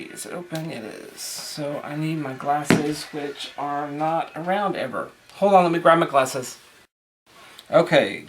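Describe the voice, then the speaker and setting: A man's voice: a little high, fairly bright tone, a little hiss or hum. A man talking casually through a craft tutorial, rambling with lots of fillers and restarts.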